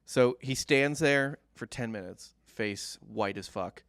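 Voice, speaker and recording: A man's voice: medium pitch, takes it slowly, creaky, a bit bright, clear, resonant tone, no echo, studio quality. A man hosting a comedy history podcast, telling the story in a loose, joking way with casual swearing.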